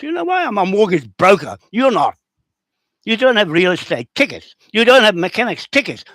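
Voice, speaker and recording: Rough-talking New man hosting a livestream, combative and repetitive, with a lively voice swinging high and low. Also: dry recording. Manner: rough, confrontational, repeats himself. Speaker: livestream host answering comments. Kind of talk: rambling, combative livestream talk.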